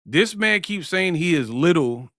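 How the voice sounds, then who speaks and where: A male live-stream host who talks in slang with lively, swinging intonation and keeps up a running stream of jokes. His voice is bright and slightly raised in pitch, recorded close and dry. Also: a little slow, dry recording. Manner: slangy and joking, breaks into impressions. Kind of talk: live-stream sports talk.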